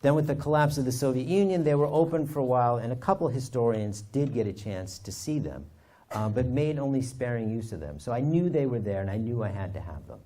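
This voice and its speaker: A man, an author and historian, telling stories from his research in a lively anecdotal way. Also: mid-range voice, brisk. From United States. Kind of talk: storytelling talk.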